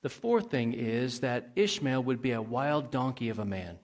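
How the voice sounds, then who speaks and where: A man's voice: medium pitch, lively intonation, normal speed. A male pastor preaching a sermon in a conversational way, asking the congregation questions and adding folksy asides.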